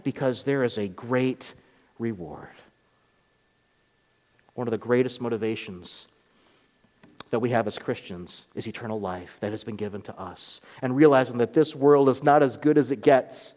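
A male pastor delivering a sermon, rising to emphatic peaks and dropping to quiet, earnest lines. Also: mid-range voice, expressive, normal speed, in a large hall. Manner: preaching with rising emphatic swells and quiet drops. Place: church sanctuary.

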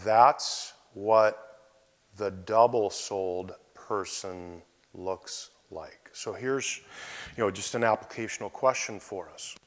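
A male pastor preaching a sermon, expressive, often dropping to quiet asides. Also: on the low side, takes it slowly. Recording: long hall reverb.

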